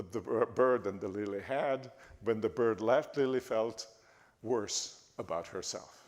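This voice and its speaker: A man giving a talk in a church, speaking haltingly with frequent restarts and fillers. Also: mid-range voice. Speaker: guest speaker. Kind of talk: church lecture. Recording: reverberant church hall.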